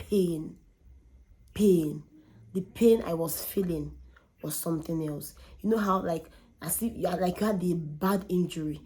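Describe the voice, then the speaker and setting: A young woman, telling a candid personal story in an animated way and often repeating words for emphasis. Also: on the low side. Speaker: vlogger.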